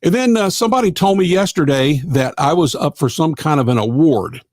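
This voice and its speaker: A man's voice: on the high side, lively intonation, brisk, darkish tone, no echo. Give me a middle-aged man hosting live, folksy and rambling, with a dry, close sound. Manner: folksy, rambling, self-deprecating, lots of fillers. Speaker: radio show host. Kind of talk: casual live-stream chat.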